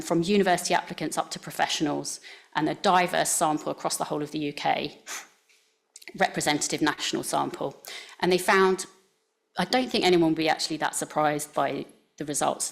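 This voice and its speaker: At a talk venue, a woman with a near received pronunciation English accent gives a presentation to scientists. Her deep voice carries vocal fry, and her delivery is chatty and conversational, full of ums and other fillers.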